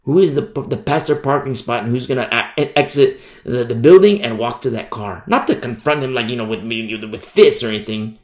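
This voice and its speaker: A man preaching a sermon, emphatic, repeating phrases and letting his voice climb and then drop low. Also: fairly quick, hardly any pauses, roomy sound.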